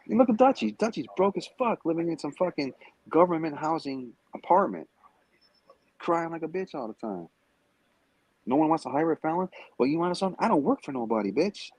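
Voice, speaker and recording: A man's voice: on the high side, very animated, brisk, a little mellow, breathy edge, no room sound, rough recording. A man in a heated livestream rant, taunting and cursing at a rival, calling in remotely. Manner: profane, confrontational, taunting. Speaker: stream guest. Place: Las Vegas.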